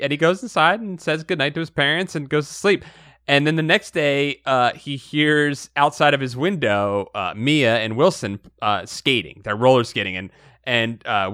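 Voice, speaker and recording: A man co-hosting a casual book discussion, retelling the plot in a relaxed, wry way. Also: medium pitch, unhurried, no room sound, studio quality. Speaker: podcast co-host.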